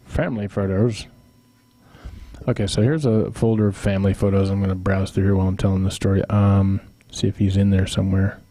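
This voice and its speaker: Dark husky-voiced man telling rambling stories. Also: deep voice, little pitch movement, a little fast, no room sound. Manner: rambling, chuckling, teasing viewers. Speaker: live stream host. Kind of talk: casual storytelling to chat.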